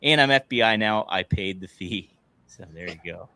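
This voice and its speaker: A man's voice: lowish voice, lively intonation, normal speed, sharp tone, dry recording. A man co-hosting a talk show, reading out a viewer question matter-of-factly.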